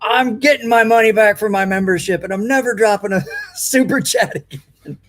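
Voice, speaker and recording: A man's voice: sits high, normal speed, fairly bright tone, no room sound, voice pushed up. A man putting on the voice of an annoyed male viewer who swears and vents. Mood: indignant.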